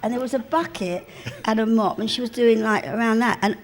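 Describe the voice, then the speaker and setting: A woman's voice: a little high, a little fast. A woman in her seventies with a London Cockney accent, telling rambling, cheeky and bawdy anecdotes as an interview guest on stage. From East End of London. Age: 70s. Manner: chatty, rambling, cheeky and bawdy, self-mocking. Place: cinema venue before a live audience.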